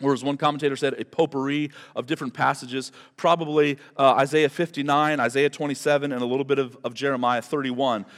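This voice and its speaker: A man's voice: mid-range voice, level tone, fast talker, hardly any pauses, big-room sound. A man preaching a verse-by-verse sermon as pastor, talking in a conversational, emphatic way and repeating words for stress. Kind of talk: expository sermon.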